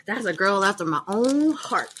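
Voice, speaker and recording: A woman's voice: mid-range voice, big pitch swings, normal speed, a bit bright, a little hiss or hum. A middle-aged woman hosting a podcast, chatting casually in a talkative, rambling way. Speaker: podcast host. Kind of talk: casual chat.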